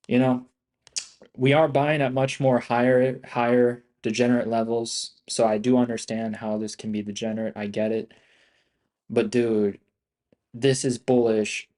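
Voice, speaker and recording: A man's voice: mid-range voice, flat delivery, normal speed, darkish tone. A young man live-streaming his stock trades, frustrated and swearing constantly, calling out "bro" and "dude" as he talks to viewers. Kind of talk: live trading commentary.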